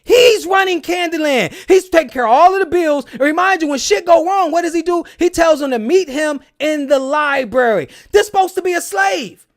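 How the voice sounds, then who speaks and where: A man giving excited, preachy commentary on a film, repeating and stressing his points. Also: very high-pitched, moderate pace, hardly any pauses. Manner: emphatic, preachy, swears a lot, repeats phrases.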